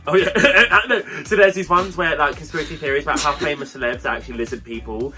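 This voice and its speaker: A man's voice: quick pace, pushed and bright, soft background music. A man co-hosting a casual chat podcast, with a nasal voice and a camp, playful delivery. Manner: camp and playful, pitch swooping up and down. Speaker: podcast co-host.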